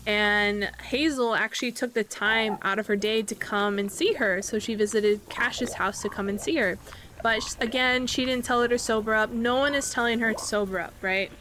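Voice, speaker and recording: A woman's voice: a little high, fairly even intonation, normal speed, a bit bright, soft background music. A woman host casually narrating a game storyline in a chatty way, with lots of fillers and tag questions. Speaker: channel host.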